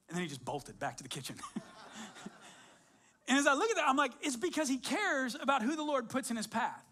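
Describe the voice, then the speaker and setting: A man preaching a sermon as pastor, in a casual, conversational way with lots of fillers and animated storytelling. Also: sits high, very fast.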